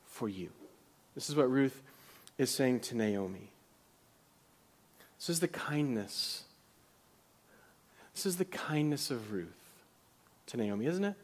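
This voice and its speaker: A man preaching a sermon as pastor, retelling biblical characters' words with rising drama and sometimes dropping to a soft whisper. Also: mid-range voice, animated, slow pace, long pauses. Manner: drops to a soft whisper at tender moments. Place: church.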